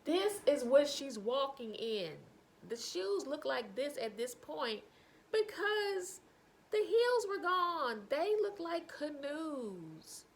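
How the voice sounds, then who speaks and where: Woman, storytelling vlogger, lively swooping pitch, fairly high voice, faint hiss behind. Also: slow pace. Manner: animated, laughing through anecdotes. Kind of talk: casual storytelling.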